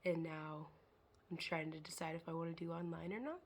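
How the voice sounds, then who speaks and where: Hoarse, congested young woman chatting. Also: low voice, fairly even intonation, fairly quick, noisy background. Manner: rambling, chatty, trailing off into fillers. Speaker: vlogger. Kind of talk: casual chat to camera.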